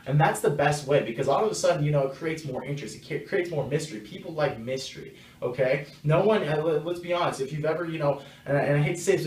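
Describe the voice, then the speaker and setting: A man's voice: on the high side, darkish tone. A young man giving casual, frank advice on network marketing to his viewers, slipping into quoted dialogue as he tells stories. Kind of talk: casual direct-to-camera advice. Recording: roomy echo, mic at a distance.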